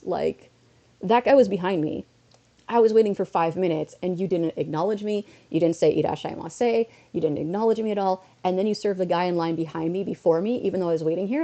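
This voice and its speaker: A woman streamer from North America telling a story in a casual way, slipping into quoted voices as she goes, a bit under the weather. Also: lowish voice. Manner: animated storytelling with quick switches into quoted voices.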